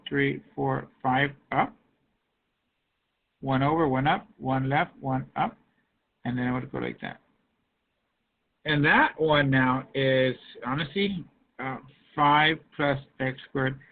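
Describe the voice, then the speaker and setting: A male math teacher giving an online class over a video call, coaxing students by name to answer in the chat. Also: mid-range voice. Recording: tinny phone-like line.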